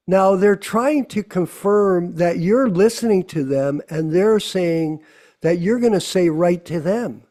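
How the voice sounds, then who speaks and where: A man speaking slowly in a devotional class, with a fairly high but mellow voice. He preaches at length and scolds with rhetorical questions. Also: animated. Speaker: host of a scripture class.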